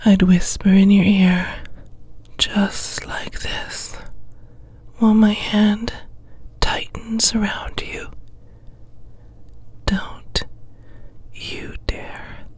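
A woman in a whispered role-play, talking in a slow, commanding, coaxing whisper. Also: medium pitch, steady tone, a little mellow, husky. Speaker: ASMR performer.

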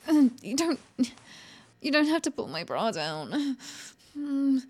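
A woman's voice sitting high carries an adult audio role-play. Her character is a sharp-tongued young woman, sarcastic early on and stammering and pleading by the end.

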